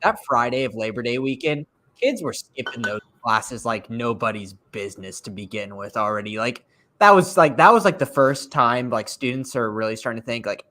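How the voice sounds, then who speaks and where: A young man in his twenties co-hosting a casual sports podcast, talking in an animated, rambling way full of "like" fillers. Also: mid-range voice, normal speed. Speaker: podcast co-host. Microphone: streamed podcast mic.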